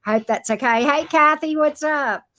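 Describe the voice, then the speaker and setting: A woman's voice: high-pitched, a little slow, pushed and bright. A woman hosting a live tarot reading stream, chatting casually with viewers, greeting them by pet names and talking through the cards with many fillers and restarts.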